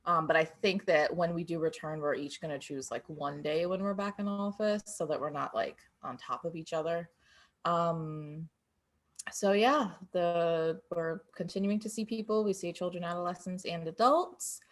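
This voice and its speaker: A woman therapist giving a relaxed, chatty introduction on a video call, with many pauses and ums. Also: lowish voice.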